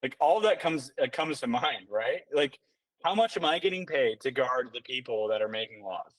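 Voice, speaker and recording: A man's voice: medium pitch, animated, moderate pace, no room sound. A man talking as a podcast guest in casual chat, rambling and filling his talk with "like" and restarts. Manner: rambling, filler-heavy, many restarts and "like"s. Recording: dry sound, somewhat distant mic.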